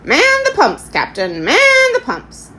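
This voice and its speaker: A woman reading a storybook aloud, voicing a sarcastic old male sea parrot with a hoarse, squawking voice that repeats its phrases. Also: high voice, wildly swooping pitch, slow, pushed and bright, slight background noise, pitched above the performer's own voice, full character voice.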